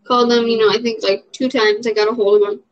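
Young woman vlogger, slightly high voice, chatty and rambling, muffled lo-fi recording. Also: little pitch movement, fast talker. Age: young adult. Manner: rambling, filler-heavy, frank. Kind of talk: casual chat answering question prompts. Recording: dull lo-fi audio.

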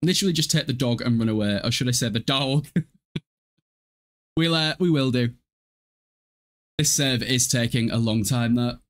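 With a medium-pitched voice at normal speed and frequent pauses, a Hull-born gaming streamer from East Yorkshire, England, chats casually with viewers as he plays, swearing freely and laughing often.

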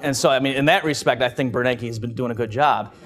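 A man's voice: mid-range voice, fast talker, noisy background. Man, economist, conference talk, wry humor, conversational. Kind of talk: informal lecture to a live audience. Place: conference room.

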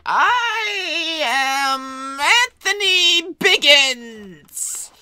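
A woman voicing a manic, villainous male mansion creator who shouts, gloats and cackles. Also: high voice, expressive, extremely slow, no echo, pitched above the performer's own voice, heavily acted. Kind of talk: doll play-acting.

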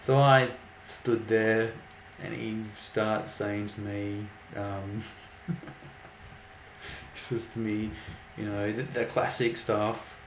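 A man's voice: on the low side, little pitch movement, slow. A young man casually telling a story, amused and mocking, often breaking into laughter. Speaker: vlogger. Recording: echoey room with faint background noise.

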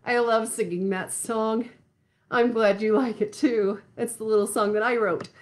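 A woman hosting a home sing-along stream for young children, talking gently and affectionately to her small viewers over a laptop microphone. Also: a little high, steady tone, normal speed. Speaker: children's music host. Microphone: laptop computer mic.

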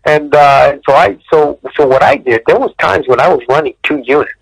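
A man telling stories from his film career in a casual interview, animated, often repeating words and clearing his throat. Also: a little fast, no room sound, rough recording. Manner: animated storyteller, acts out quotes with sudden high bursts. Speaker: martial arts director and choreographer, guest.

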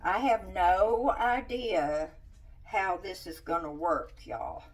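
A woman's voice: fairly low pitch, slow, far from the mic. A woman giving a casual cooking demonstration in a home kitchen, chatty and folksy, talking straight to her viewers. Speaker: cooking vlogger.

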